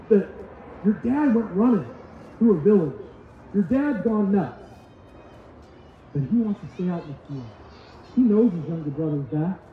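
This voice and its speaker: A man's voice: high-pitched, a little hiss or hum. A man preaching a sermon in a church, emphatic and repetitive. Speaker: pastor. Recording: echoey hall, tinny lo-fi sound.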